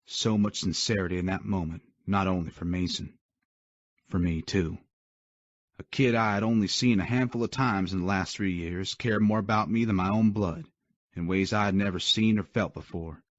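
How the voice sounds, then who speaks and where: A man's voice: deep voice, no echo. A man narrating a romance audiobook in the first person, gritty and full of swearing. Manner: gritty, profane storytelling. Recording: dull dry lo-fi recording.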